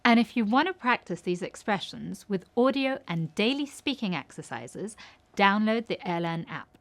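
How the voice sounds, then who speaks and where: A woman's voice: medium pitch, lively intonation, moderate pace. A woman narrating a scripted language lesson, saying each phrase and then its translation, with short words of encouragement. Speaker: language teacher.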